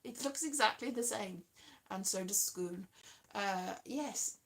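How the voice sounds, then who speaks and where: A woman's voice: mid-range voice, slow, fairly bright tone. A woman vlogger rambling playfully about words, often singing her thoughts over her own guitar. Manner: whimsical, sings half her thoughts, playful wordplay. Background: guitar playing.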